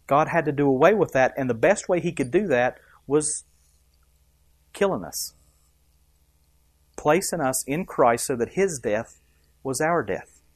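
A man's voice: a little high, lively intonation, a little slow, long pauses, no echo, clean studio sound. A man preaching a sermon, emphatic and rising and dropping for effect, asking the congregation questions. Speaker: pastor.

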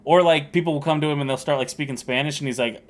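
A man's voice: fairly high pitch, fast. A man in his thirties, co-hosting a podcast in casual chat, joking and rambling with self-deprecating humor. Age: 30s. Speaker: podcast co-host.

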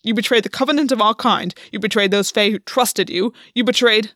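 A woman's voice: fairly high pitch, fairly quick, fairly bright tone, no room sound, lightly acted. A woman voicing a desperate, bitter male fae king in an audiobook reading, pleading and accusing in a raw tone.

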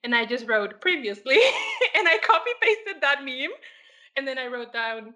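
A woman's voice: sits high, normal speed. A woman co-hosting a casual podcast chat, telling stories with frequent laughter; English is not her first language. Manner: animated storytelling with frequent laughter. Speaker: podcast co-host.

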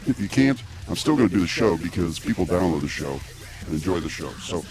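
A man's voice: sits low, sing-song, fairly quick, very noisy. A man hosting a comedy podcast, rambling and apologetic in casual talk. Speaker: podcast host.

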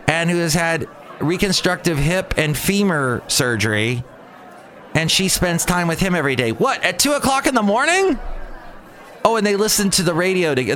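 Animated, rambling man hosting a podcast. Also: fairly high pitch. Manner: animated, exasperated, digressive. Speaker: podcast host. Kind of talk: rambling solo podcast monologue. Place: outdoors by a cafe.

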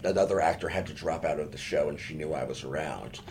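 A man chatting casually as a guest, animated and quick to laugh. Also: rumbling low, a little hiss or hum. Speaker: guest actor. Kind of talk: casual chat.

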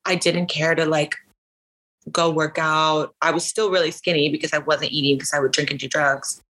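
A woman's voice: low-pitched, flat delivery, moderate pace, a bit bright, poor audio. A woman from Northern California telling a personal story as a podcast guest, chatty and full of "like" fillers. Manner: chatty, frequent "like" fillers, laughs easily. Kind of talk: casual storytelling.

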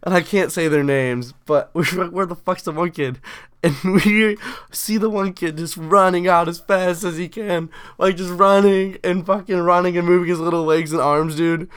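A young man co-hosting a casual podcast, retelling school memories with lots of swearing and "dude." His voice sits a little high and sounds smooth and clear. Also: moderate pace. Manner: animated, swears constantly, says "dude" a lot. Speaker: podcast co-host. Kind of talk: casual storytelling chat.

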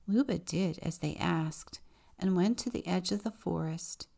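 Slow gravelly-voiced woman reading a story. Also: lowish voice. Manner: expressive, measured storytelling. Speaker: deacon. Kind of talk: reading a children's picture book aloud.

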